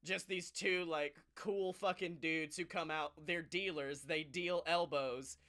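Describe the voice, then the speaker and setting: A man co-hosting a casual wrestling podcast, telling stories in an animated, profane way and laughing often. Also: fairly high pitch, unhurried. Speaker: podcast co-host.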